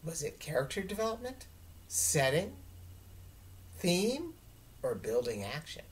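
A woman's voice: low voice, big pitch swings, a little slow. A woman teacher giving friendly instructions to her students in a recorded lesson.

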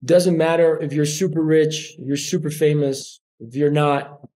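Animated Colombian-accented man, slightly high voice. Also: unhurried. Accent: Colombian Spanish. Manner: animated storyteller acting out quoted voices. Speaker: podcast guest, actor. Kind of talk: casual interview chat.

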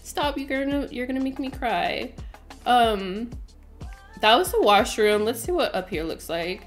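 Woman streamer, bubbly and animated, slightly high voice, chatty with many fillers, faint music behind. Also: unhurried. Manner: chatty, lots of fillers, often laughs, greets viewers from chat. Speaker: game livestreamer. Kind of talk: casual livestream chat while playing.

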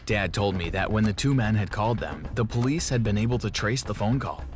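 A man's voice: lowish voice, brisk. Man narrating a story over music. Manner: plain, steady storytelling. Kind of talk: scripted first-person story narration. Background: background music.

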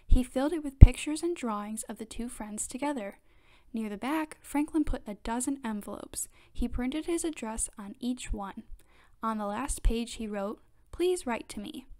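A woman reading a children's picture book aloud with clear, expressive storytelling. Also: a little high, normal speed.

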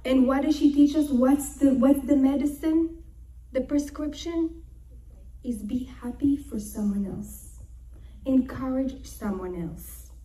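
A woman giving a religious lecture, telling the story in an animated way and acting out the quotes. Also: sits high, recorded from a distance, poor audio. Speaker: Torah teacher.

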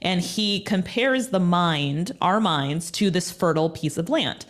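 A woman being interviewed over a call as a TV personality and speaker, talking in an energetic, emphatic motivational way and repeating points for effect. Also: on the low side, a little slow.

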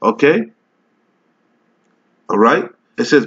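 A man's voice: medium pitch, expressive, a bit bright. Confrontational preacher man, lo-fi sound. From Caribbean islands. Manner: confrontational, profane, warns and scolds listeners; reads verses slowly and deliberately. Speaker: street preacher. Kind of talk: scripture-reading sermon video. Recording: dull lo-fi recording.

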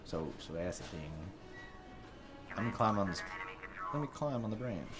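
A man co-hosting a casual let's-play, excitable and quick to laugh and yelp at the game. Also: on the low side. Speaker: gaming co-host. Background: game music.

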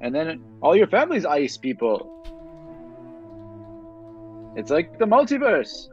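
A man with a fairly high, very lively voice chatting as a player in a tabletop game. The sound is a bit dull and lo-fi, with faint music in the background. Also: unhurried. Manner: animated, rambling explanations. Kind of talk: casual tabletop chat.

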